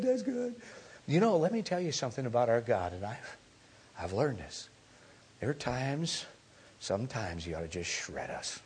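A middle-aged man preaching a sermon, telling humorous stories and swinging from hushed near-whispers to loud exclamations. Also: lowish voice, slight background noise. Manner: humorous storytelling. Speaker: pastor.

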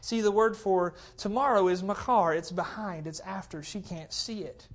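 A pastor preaches to his congregation in a relaxed, talkative style, driving key phrases home through repetition and frequently checking in with "okay? all right?" He uses a cordless handheld mic in the church and speaks at normal speed in a high voice.

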